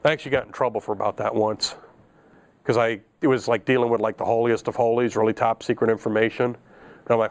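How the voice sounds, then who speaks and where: A man's voice: medium pitch, steady tone, fast talker, vocal fry. A middle-aged man teaching an electronics class, chatty and joking, laughing at his own asides. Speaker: electronics instructor. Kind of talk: classroom lecture.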